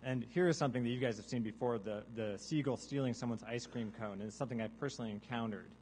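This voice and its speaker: A man giving a deadpan mock science lecture to a live audience, now and then breaking into loud seagull caws and zombie groans. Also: mid-range voice, fast, a little hiss or hum, rough recording. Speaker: guest artist presenting research. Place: large hall with a live audience.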